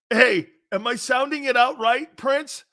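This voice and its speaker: Give me a giggly man hosting a live sports talk show, with a high voice and an unhurried pace. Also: creaky, pushed and bright. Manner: giggly, joking, keeps breaking into laughter; reads and answers viewer comments by name.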